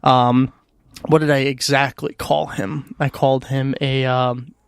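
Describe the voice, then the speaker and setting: A man's voice: mid-range voice, level tone, a little slow, vocal fry, clean tone, dry recording, studio quality. A young man co-hosting a podcast, telling stories animatedly, laughing often and swearing freely. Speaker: podcast co-host. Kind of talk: casual chat.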